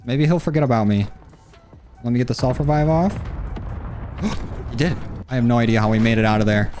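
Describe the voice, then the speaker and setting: Cocky gamer dude narrating his match, voice bouncing all over, medium pitch. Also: fairly quick, pauses often, soft background music. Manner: animated, cocky trash talk. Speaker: gaming YouTuber. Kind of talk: casual gameplay commentary.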